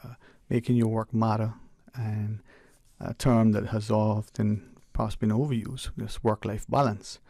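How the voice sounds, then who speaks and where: Gravelly radio host. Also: male voice, lowish voice, flat delivery, unhurried, few pauses, dark tone, no echo, studio quality. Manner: easygoing, chatty, with frequent restarts. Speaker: radio talk show host. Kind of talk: casual call-in radio chat. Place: radio studio. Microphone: close studio mic.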